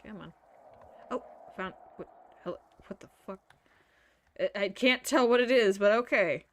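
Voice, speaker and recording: A woman's voice: medium pitch, normal speed. A woman streamer chatting through live gameplay, laughing often, swearing freely and muttering to herself. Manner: frequent laughter.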